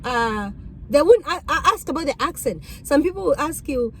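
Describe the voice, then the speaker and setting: A woman's voice: animated, normal speed, slight background noise, rough recording. A woman in her thirties from Kenya with a Kenyan accent, chatting casually to camera about her work as a rideshare driver. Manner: chatty, acts out passengers' questions in a higher voice.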